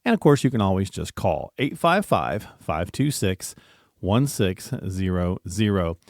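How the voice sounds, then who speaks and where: A lower-voiced man co-hosts a talk radio show, upbeat and promotional as he reads contact details and tees up questions. His voice is dry and close in a radio studio. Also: sing-song, unhurried, no echo. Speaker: radio co-host.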